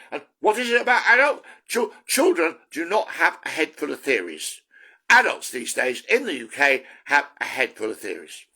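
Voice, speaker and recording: A man's voice: medium pitch, sharp tone. A man from the UK, a self-styled prophet, giving an earnest, rambling spiritual monologue with many restarts.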